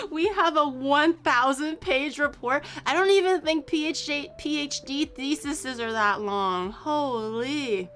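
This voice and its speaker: A woman's voice: fairly high pitch, a bit bright. A young woman streamer chatting casually with her viewers, rambling and teasing them playfully with frequent laughter. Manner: rambling, playful, laughs often, teases chat. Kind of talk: casual live-stream chat.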